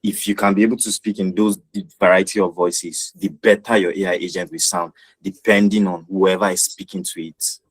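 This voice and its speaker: A man explaining software step by step in an online workshop, checking in with listeners as he goes. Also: low voice, fairly even intonation, brisk, few pauses, husky, dry recording, low-quality recording. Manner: earnest, repeats phrases and checks with listeners. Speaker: workshop presenter. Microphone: video call.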